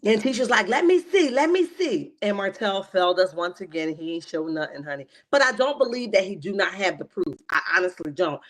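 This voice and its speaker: A woman hosting a casual reality TV recap livestream, animated and slangy, often laughing and calling her viewers "honey.". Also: on the low side, a little fast, few pauses. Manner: slangy and emphatic.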